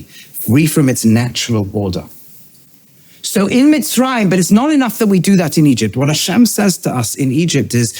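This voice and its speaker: Giving a teaching lecture, a middle-aged rabbi and educator alternates high emphatic outbursts with low, quiet asides, sprinkling in Hebrew terms that he goes on to translate.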